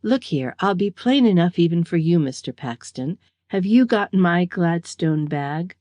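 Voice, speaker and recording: Quiet, pointed menace from a woman narrator, low and warm, close and dry. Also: expressive, a little slow, dry recording. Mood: cold. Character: soft-spoken, menacing man.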